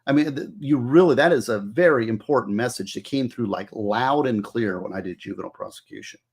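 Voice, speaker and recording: Middle-aged guy, kinda husky, earnest and preachy, lots of restarts. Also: mid-range voice, brisk, darkish tone. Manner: earnest, lecturing, many restarts. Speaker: former juvenile prosecutor, guest. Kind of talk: casual advice talk.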